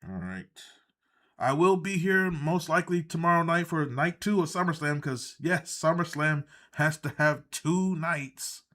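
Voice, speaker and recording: A man hosts a casual live stream, rambling from topic to topic in a sardonic tone and chuckling at his own jokes. His voice sits a bit high for a man. He talks straight into a desk mic. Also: expressive, a little slow, fairly bright tone.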